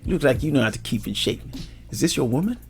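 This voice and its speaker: A man putting on an overfriendly, smooth-talking guy who flatters slowly in a chummy way. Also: mid-range voice, soft background music. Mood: smarmy friendly.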